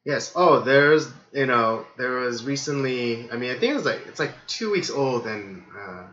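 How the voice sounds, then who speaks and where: A hoarse man hosting a casual livestream podcast, rambling with lots of fillers. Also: medium pitch, expressive, moderate pace, fairly bright tone, roomy sound, muffled recording. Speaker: podcast host.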